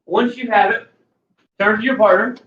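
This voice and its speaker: A woman's voice: fairly high pitch, steady tone, moderate pace, a bit bright, lo-fi sound. Patient woman teacher prompting young kids. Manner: patient, prompting, repeats questions. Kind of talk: classroom instruction to young children.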